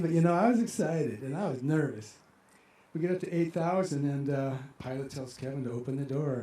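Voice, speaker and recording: Animated older man telling a story. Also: on the high side, echoey room. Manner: animated and emotional, acting out his own past reactions. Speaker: storyteller performing for an audience. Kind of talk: live personal storytelling. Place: outdoor amphitheater.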